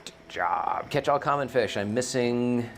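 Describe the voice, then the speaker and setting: A man's voice: mid-range voice, animated, unhurried, a little hiss or hum. A man hosting a casual gameplay livestream, rambling and thinking aloud, often correcting himself mid-sentence. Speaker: streamer, game host.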